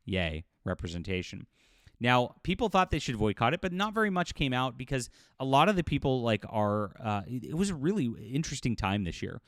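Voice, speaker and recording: A livid man delivers an angry commentary monologue, stumbling over restarts as he rants. His voice sits at a middling pitch and sounds close and dry, with no room around it. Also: big pitch swings, a little fast, no echo. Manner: agitated and indignant, with frequent restarts and ranting. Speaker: commentary host.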